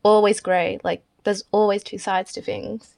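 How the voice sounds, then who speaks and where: A woman in a casual podcast chat, speaking in a measured, reflective way. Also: mid-range voice, flat delivery, vocal fry, a little mellow.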